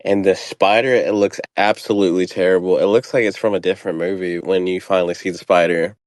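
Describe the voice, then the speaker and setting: Blunt, profane young man, lowish voice. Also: steady tone, fairly quick, no echo. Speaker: podcast host reviewing a film. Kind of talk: casual chat.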